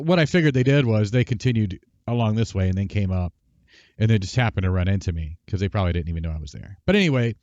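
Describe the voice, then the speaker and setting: Male streamer host, casual rambling storyteller, mid pitch, close dry home mic. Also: dry recording, dull audio. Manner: rambling storyteller, restarts and asides; talks quietly at times for housemates. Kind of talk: casual livestream chat.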